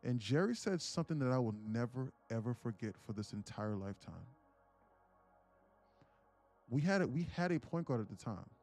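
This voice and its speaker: A man's voice: medium pitch, soft background music. A young man hosting a livestream who tells a story casually, with lots of swearing and animation. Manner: profane, animated, fast. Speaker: day-trading livestream host.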